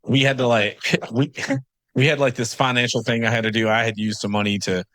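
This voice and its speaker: A man's voice: mid-range voice, little pitch movement, fairly quick, fairly bright tone, no echo. A man co-hosting a casual podcast in a studio, telling funny anecdotes with fillers and quoted asides. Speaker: podcast co-host. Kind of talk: casual storytelling.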